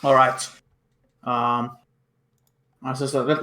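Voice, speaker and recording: A man playing a tabletop game, slow and halting, repeating his words. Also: mid-range voice, sharp tone. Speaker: player. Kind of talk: casual tabletop play. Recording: echoey room.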